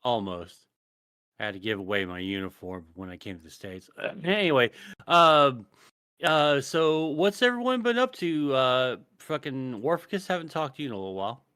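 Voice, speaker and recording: A man's voice: medium pitch, animated, normal speed, pushed and bright, clear, resonant tone, no echo, studio quality. A man co-hosting a podcast in casual banter, laughing and swearing through jokey asides. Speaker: podcast co-host.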